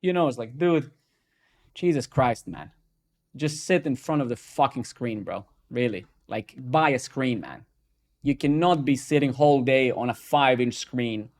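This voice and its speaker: A man streaming live coding from his home desk, talking casually and profanely to chat, quick and excitable with lots of "man" and "bro". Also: mid-range voice. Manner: profane, ranting and joking with chat.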